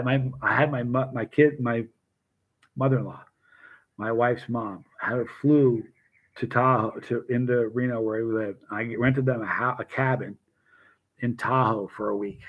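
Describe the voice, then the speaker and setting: A man's voice: mid-range voice, phone-quality sound. A middle-aged man casually telling rambling personal stories, often restarting his sentences and greeting viewers by name. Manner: rambling, self-interrupting, addresses viewers by name. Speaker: vlogger chatting with live chat.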